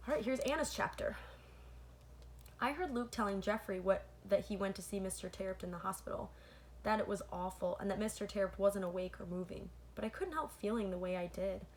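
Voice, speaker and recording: A woman's voice: mid-range voice, brisk. A woman reads a children's novel aloud in a mid-range voice. She fixes her own slips as she goes and breaks off now and then to talk to her listeners directly. A faint hiss sits under the recording. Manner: stops to comment to listeners between passages. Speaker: read-aloud host.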